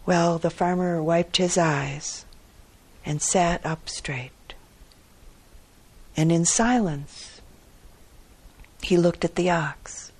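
A meditation teacher, a woman, telling a fable in a dharma talk, in a soft, hushed and measured way. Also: fairly low pitch, breathy edge.

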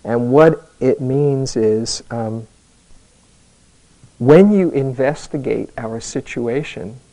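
A male meditation teacher gives a dharma talk to a live group, slowly telling a personal story with hesitant restarts. His voice is warm and medium in pitch, though the audio quality is poor.

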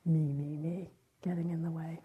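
Woman meditation teacher doing a dharma talk, low husky voice, gentle and searching. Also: flat delivery, narrow, tinny audio. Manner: gentle, reflective, halting phrasing. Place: meditation hall.

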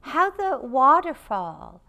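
A woman meditation teacher giving a dharma talk, slow and reflective, often softening to near a whisper. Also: high voice, very animated.

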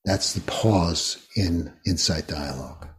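An older man guiding a meditation talk, speaking slowly and gently with many long pauses. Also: low-pitched. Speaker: meditation teacher. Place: retreat hall.

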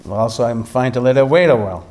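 A man, a meditation teacher, telling a story in a dharma talk with animated delivery and frequent restarts. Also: mid-range voice, fast talker, a little hiss or hum.

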